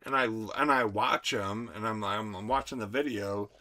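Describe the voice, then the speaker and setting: A young man streaming, talking to his chat in an excitable, profane rant. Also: lowish voice, normal speed. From United States. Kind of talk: casual livestream chat.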